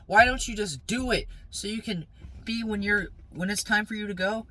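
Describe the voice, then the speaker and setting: A man's voice: high voice, fast talker, bright, forceful tone, poor audio. A young man talking casually and motivationally to his phone camera outdoors, rambling at times and then turning heated and preachy. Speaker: vlogger.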